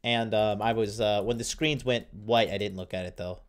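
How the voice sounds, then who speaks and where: A man's voice: on the low side, fairly even intonation, normal speed. A young man hosting a casual livestream, reading viewer comments and talking in a loose, rambling way full of fillers and restarts. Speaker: livestream host.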